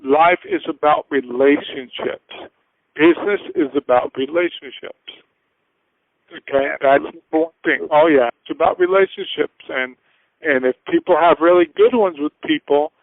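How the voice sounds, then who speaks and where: A man's voice: fairly high pitch, moderate pace, no room sound. Man giving earnest money advice on radio. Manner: earnest, acts out little scenes in voices. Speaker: finance guest. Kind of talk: casual radio advice talk. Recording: tinny phone-like dry sound.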